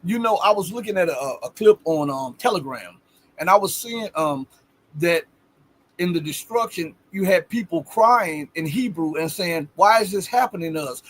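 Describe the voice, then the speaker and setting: High-voiced man hosting a live stream. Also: expressive, moderate pace. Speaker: host. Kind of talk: live-stream hosting, reading chat questions.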